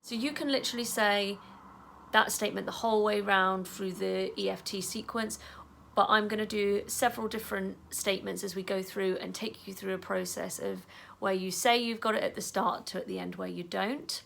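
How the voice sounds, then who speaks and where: A woman leading an EFT tapping session in a casual, chatty way, saying the affirmations softly and trailing off into a whisper. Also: medium pitch, steady tone, normal speed, creaky, slight background noise. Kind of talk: guided tapping instruction.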